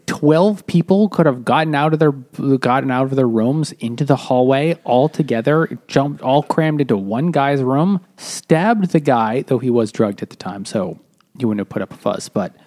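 A man's voice: medium pitch, animated, a little slow, a little mellow. A man co-hosting a casual book podcast, recapping the story in a rambling way full of fillers. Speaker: podcast co-host. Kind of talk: casual chat.

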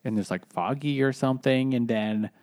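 A man's voice: mid-range voice, normal speed, darkish tone, no echo, clean studio sound. A man co-hosting a casual podcast chat, retelling a story hesitantly with lots of fillers. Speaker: podcast co-host. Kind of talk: casual chat recapping a book.

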